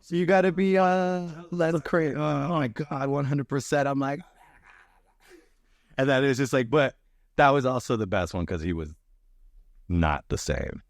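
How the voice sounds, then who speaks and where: A man co-hosting a podcast in casual chat, laughing often and acting out quoted lines in higher voices. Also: normal speed, long pauses, no echo. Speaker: podcast co-host.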